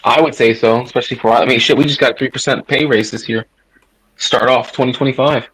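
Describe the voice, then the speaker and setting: A man's voice: medium pitch, fairly even intonation, fast, fairly bright tone, a little hiss or hum, poor audio. A man in his thirties from the United States, talking casually on a voice chat, rambling and emphatic, swearing now and then. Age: 30s. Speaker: guest caller in a voice chat. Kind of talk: casual political debate on a voice chat.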